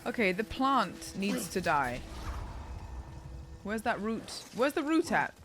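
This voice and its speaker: Lively young woman narrating gameplay. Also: mid-range voice, slow pace, faint music behind. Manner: chatty, reacting aloud to the game. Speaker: gaming streamer. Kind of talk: let's play commentary.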